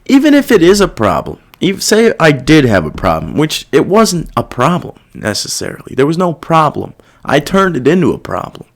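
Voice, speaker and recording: A man's voice: a little high, wildly swooping pitch, moderate pace, creaky, hardly any pauses. A young man hosting a podcast, talking through his feelings in a rambling, self-reflective and heavily profane casual monologue. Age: young adult. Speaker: podcast host.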